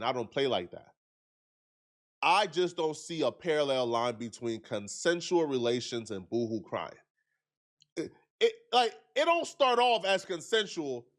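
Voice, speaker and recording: Brief: man with a fairly high voice, earnest commentator, argues his point at length. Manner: earnest, argumentative, repeats himself to make points.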